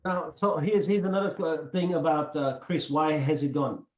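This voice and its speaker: A man hosting a casual podcast chat, speaking earnestly and haltingly, repeating words as he thinks, English not his first language. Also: on the high side, fairly even intonation. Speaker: podcast host. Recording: echoey, dull room sound.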